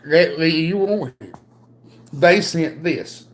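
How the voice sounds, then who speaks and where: A man's voice: on the high side, takes it slowly. A man chatting casually and jokingly on a homestead livestream, rambling with lots of filler.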